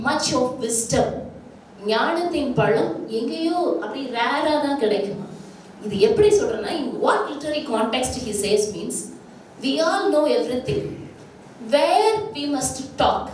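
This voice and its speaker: A high-pitched woman with a Tamil accent lectures on literature in an emphatic, teacherly way, going back over her key lines. She is a native Tamil speaker and speaks as an English professor. Her voice comes from some distance away in a very echoey hall, with faint noise underneath. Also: darkish tone. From Tamil Nadu, India. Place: large lecture hall at a college.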